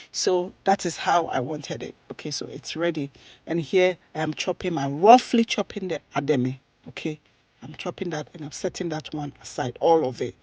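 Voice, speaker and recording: A Ghanaian woman talks viewers through a recipe in a relaxed, chatty way, checking in with a quick "okay?" or "right?" after almost every step. The sound is dry and close, with no room echo. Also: lowish voice. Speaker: cooking vlogger. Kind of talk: chatty cooking tutorial.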